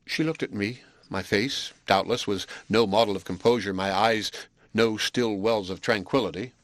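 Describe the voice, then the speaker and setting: A man narrating a classic novel in a measured, even, literary way. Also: lowish voice, no echo. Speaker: audiobook narrator. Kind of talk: scripted narration.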